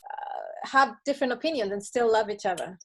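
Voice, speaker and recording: Woman participant, higher pitch, earnest, reads aloud with pauses. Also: lively intonation, a bit bright, a little hiss or hum. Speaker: group participant. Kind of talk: casual chat and reading aloud.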